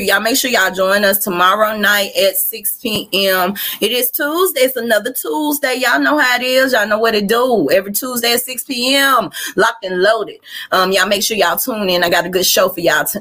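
A woman's voice: medium pitch, a little fast, sharp tone. A woman with a Southern US accent hosting a live podcast, ranting bluntly with lots of profanity. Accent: Southern US (Arkansas). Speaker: podcast host. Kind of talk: livestream rant.

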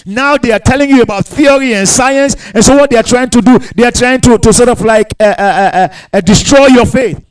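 A man's voice: very high voice, fairly quick, hardly any pauses, low-quality recording. A male pastor preaching a sermon, repeating phrases and asking the congregation rhetorical questions.

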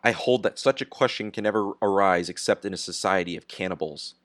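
A man reading the part of a defiant industrialist on trial, speaking gravely and firmly. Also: low-pitched, a bit bright, no room sound. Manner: grave, measured and firm. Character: defiant steel industrialist on trial, calm and unyielding. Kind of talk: audiobook character reading.

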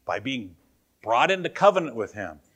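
Animated, conversational male preacher. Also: mid-range voice, moderate pace, husky. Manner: conversational preaching, asks the congregation questions. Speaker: pastor. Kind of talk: sermon.

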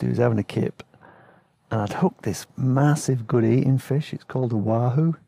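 A man rambles through a travel story in a relaxed, chatty way, full of slang and easy laughs. His voice is gravelly and mellow. It is recorded close up and dry on a podcast mic. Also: medium pitch, no echo. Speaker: podcast host telling travel stories. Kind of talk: casual storytelling.

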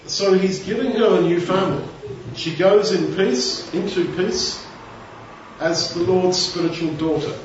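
A man's voice: high-pitched, a little slow, distant mic, a little hiss or hum. Man, informal bible teaching, conversational asides, very echoey room, dull lo-fi sound. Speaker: preacher.

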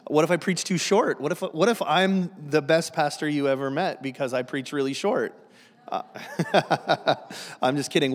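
A man's voice: on the high side, moderate pace, big-room sound. A man preaching a humorous sermon to a church, self-deprecating and joking, often restarting his sentences. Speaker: guest pastor. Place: church sanctuary.

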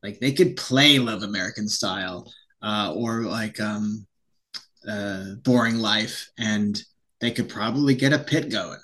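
A man with a bright, forceful voice, chatting loosely on a podcast. He rambles, trips over his words and starts again. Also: fairly low pitch. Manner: rambling, restarts often. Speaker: podcast co-host. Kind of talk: casual chat.

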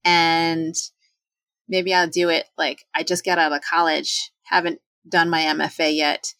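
A woman in her forties in casual talk, chatty and animated, acting out quoted voices with sudden jumps in pitch. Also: measured pace, no room sound. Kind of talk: casual talk on self-doubt.

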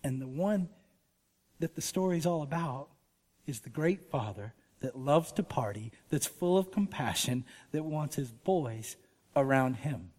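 A man preaching as a guest speaker, animated and emphatic, with casual asides. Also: mid-range voice, unhurried, big-room sound. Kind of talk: sermon. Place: church auditorium.

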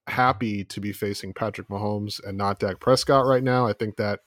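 A man's voice: lowish voice, steady tone, normal speed, a bit bright, no echo. A man co-hosting a fantasy football podcast, stammering through his thoughts and cursing bluntly at friends. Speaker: podcast co-host. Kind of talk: casual fantasy football banter.

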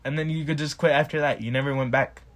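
A man's voice: a little high, quick pace. A young man co-hosting a casual podcast, teasing his older brother. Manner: teasing, animated. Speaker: podcast co-host. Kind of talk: casual chat.

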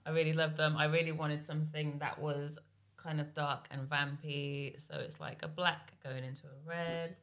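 A woman's voice: low-pitched, level tone, normal speed, a bit bright. A woman hosting a podcast, chatting easily and asking her guest questions. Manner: easygoing, asks questions. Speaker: podcast host. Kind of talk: casual interview chat.

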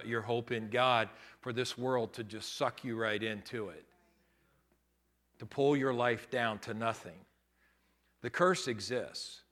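Speaking at medium pitch, this man preaches as pastor, laughing frequently as he moves from loud, rising preaching to quieter teaching.

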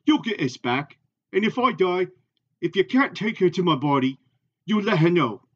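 A man's voice: sits high, animated, moderate pace, slightly rough, lo-fi sound, voice pushed up. A man reading aloud who voices an anxious family man urgently pleading with his lord.

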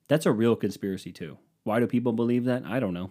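A young man hosting his own podcast, ranting in a worked-up way that swings from loud outbursts to low mutters. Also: fairly even intonation, quick pace, few pauses. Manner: worked-up ranting, swinging between shouting and mumbling. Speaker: podcast host. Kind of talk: solo podcast rant.

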